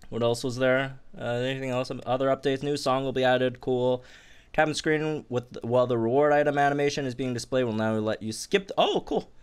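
A young man giving excited commentary on a game update, bursting into squeals and laughter as he talks to viewers. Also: mid-range voice, brisk, clean tone. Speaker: gaming youtuber.

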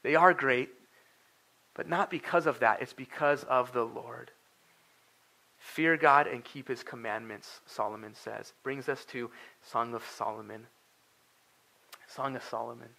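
A man's voice: medium pitch, fairly even intonation, a little slow, creaky, pauses often, pushed and bright. A young adult man delivering a sermon as a pastor, in an earnest, conversational way, with many fillers and restarts. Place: church sanctuary.

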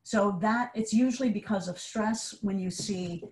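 A woman's voice: mid-range voice, moderate pace, a little mellow. A woman teaching a Hebrew language class online, explaining step by step in a patient way.

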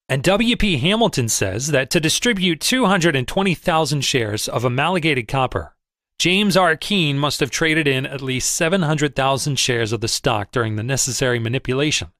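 Male narrator for a first-person audiobook, expressive and measured, lively pitch, dry booth sound. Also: dry recording.

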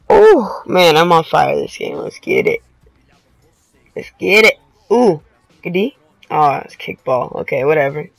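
A young man giving live, excitable commentary on his own basketball video game match, full of slangy trash talk. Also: on the high side, gravelly, no room sound, low-quality recording. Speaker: gaming video creator.

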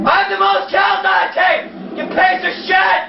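A man playing a video game, shouting furious profanity at other players. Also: very high voice, completely flat delivery, normal speed. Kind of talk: raging gameplay outbursts. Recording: muffled echoey room, distant mic, loud noise and crowd.

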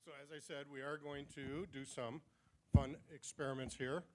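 A man's voice: mid-range voice, little pitch movement, normal speed, dark tone. A man emceeing an awards ceremony in a large ballroom, talking playfully and directly to a crowd of kids. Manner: playful, talks straight to a young crowd.

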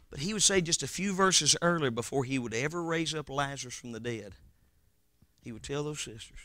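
A man preaching a revival sermon, swinging between loud shouted lines and quiet, hushed scripture quotes. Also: mid-range voice, normal speed, long pauses, dry recording.

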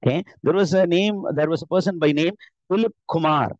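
A man's voice: a little high, brisk, no echo. A man with an Indian English accent teaching a live online lesson, explaining step by step with many filler "uh"s and self-corrections. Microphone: computer mic on an online class call. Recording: dull, dry online call audio.

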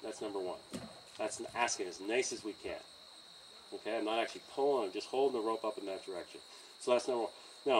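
A man teaching horse handling outdoors by a trailer, in a calm coaching manner with frequent okays and chuckles. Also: on the low side, distant mic, a little hiss or hum, low-quality recording. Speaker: horse trainer. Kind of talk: hands-on training demonstration.

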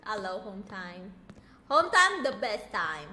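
A young woman streaming a horror game, talking loudly and excitably, swearing and sometimes screaming. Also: medium pitch, takes it slowly. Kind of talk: let's play commentary. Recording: game music behind her voice.

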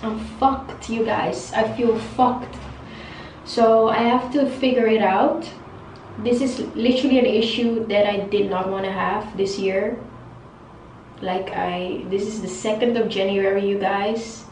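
A woman's voice: medium pitch, steady tone, measured pace, darkish tone, recorded from a distance, a little hiss or hum. A young woman venting to camera as a hair vlogger, frustrated and repetitive, swearing freely. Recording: roomy echo, voice a bit off-mic.

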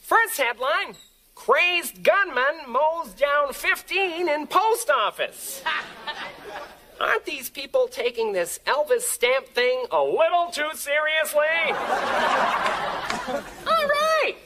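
A woman's voice: high-pitched, big pitch swings, takes it slowly, bright, forceful tone, some chatter behind, full character voice. A woman playing a joking male talk-show host in a comedy sketch, firing off punchlines. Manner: joking, upbeat, punchline delivery. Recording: noisy TV studio broadcast with audience.

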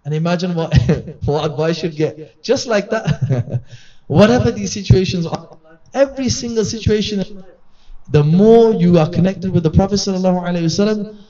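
A man's voice: sits high, moderate pace, mellow. A man giving an earnest, conversational religious reminder to a gathering. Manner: earnest, conversational, acts out quoted voices. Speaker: religious teacher. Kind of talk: sermon-style reminder at a gathering. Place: gathering hall. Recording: distant mic, dull lo-fi sound.

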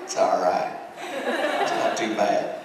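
A man's voice: on the low side, lively intonation, moderate pace. A man speaking as a convention panelist, in easygoing, rambling casual talk in a large hall. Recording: echoey hall, distant mic, background noise.

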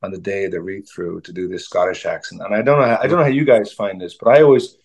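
A man's voice: sits low, fairly even intonation, fast talker, darkish tone, slightly rough. A man in his forties with an Irish accent, an actor guest telling stories in a casual interview with many restarts and repeated words. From Ireland. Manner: rambling, self-interrupting storyteller with frequent restarts.

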